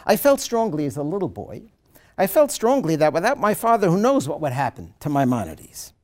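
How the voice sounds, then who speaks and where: A man lecturing in a seminar, reading a passage aloud with dramatic, animated delivery and then explaining it. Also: fairly high pitch, brisk.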